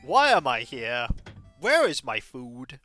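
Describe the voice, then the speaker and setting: A man voicing a grumpy, bewildered pet cat, speaking slowly in blunt, broken phrases. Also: mid-range voice, huge pitch swings, sharp tone, soft background music, full character voice. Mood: grumbling.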